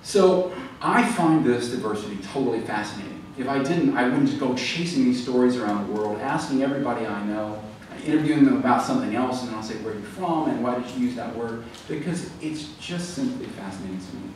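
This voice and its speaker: Man lecturing, conversational and lively, very echoey room, mic far away, faint hum behind. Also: medium pitch, fast talker. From American South. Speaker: author giving a library talk. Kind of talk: public lecture with audience questions. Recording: roomy echo, distant mic, faint background noise.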